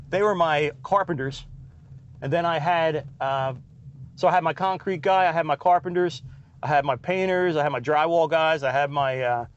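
A middle-aged man telling a rambling story from behind the wheel of a truck. His voice sits a bit high for a man, and he often laughs at his own tales. The sound is dull and lo-fi, with faint road noise under it. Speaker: podcast host. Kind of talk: casual storytelling monologue. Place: in a truck while driving.

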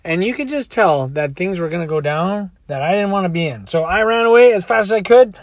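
A man's voice: sits high, expressive, fairly quick, hardly any pauses, no room sound, studio quality. A man telling a rambling story in a casual way, acting out the quotes.

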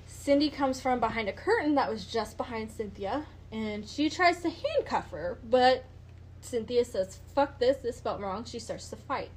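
A woman narrates a true-crime case for her podcast friends in a relaxed, conversational way. Her voice sits a little high. She drops swear words and fillers as she goes. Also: moderate pace, poor audio. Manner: chatty, swears, frequent "like" and "um". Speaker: podcast host. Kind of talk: casual true-crime storytelling.

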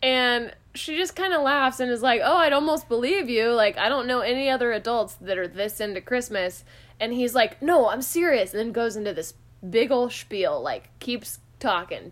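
A woman's voice: on the high side, animated, moderate pace. A woman co-hosting a podcast, recapping a movie plot in casual, wry chat full of "like" fillers. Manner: chatty, wry, lots of "like" fillers.

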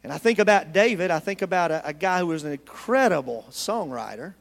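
A pastor from the United States preaches a sermon in a church sanctuary, earnestly calling out to his congregation. His voice is a little high, with lively intonation, a brisk pace, and vocal fry, and the sound carries a big-room quality.

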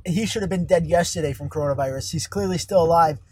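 A man's voice: fairly high pitch, fast, dark tone, husky, poor audio. Profane young man ranting from his car. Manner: profane, exasperated, rambling. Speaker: fast-food worker. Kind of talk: profane storytime rant. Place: car on a highway. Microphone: phone. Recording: faint road noise in a car. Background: vehicle noise.

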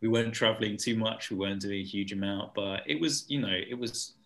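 A young man from England tells stories in a relaxed conversation, full of energy. He slips into impressions of other people as he goes. His voice sits on the low side. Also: a little fast, vocal fry. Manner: animated storyteller, mimics voices in anecdotes. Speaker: guest. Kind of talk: casual chat.

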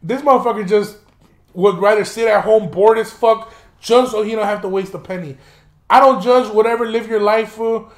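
Young male podcast host, high-pitched, loose and profane storyteller, roomy echo. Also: normal speed. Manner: profane, rambling, laughs while telling. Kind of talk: casual storytelling monologue.

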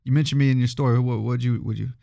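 A man's voice: medium pitch, steady tone, rapid-fire, creaky, mellow. A man co-hosting a casual podcast, easygoing and joking in everyday slang. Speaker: podcast co-host.

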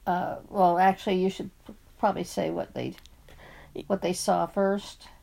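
A woman co-host chiming in with slow, dry interjections. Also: fairly low pitch, little pitch movement, creaky, mellow. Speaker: podcast co-host.

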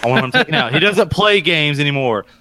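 A man's voice: fairly high pitch, lively intonation, quick pace, pushed and bright. A man co-hosting a podcast in casual chat, profane and blustery, talking into a handheld mic. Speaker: podcast co-host.

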